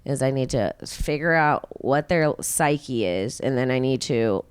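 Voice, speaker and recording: Lively low-voiced woman telling a story. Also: unhurried, smooth. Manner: animated, profane, acts out quotes with big pitch jumps. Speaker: podcast host. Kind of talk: casual storytelling chat.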